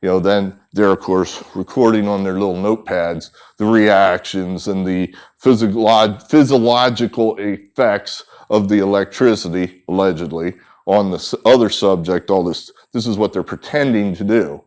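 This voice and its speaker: A man's voice: fairly low pitch, moderate pace, hardly any pauses, darkish tone. A man, a sports handicapper, giving an indignant, sarcastic opinion monologue and acting out the people he quotes. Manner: indignant, acts out quoted voices.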